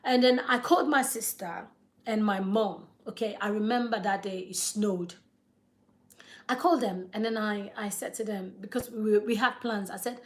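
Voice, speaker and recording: A woman's voice: mid-range voice, normal speed. A woman in her thirties telling a heartfelt personal story on a live vlog, repeating words for emphasis and checking in with her listeners. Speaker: vlogger.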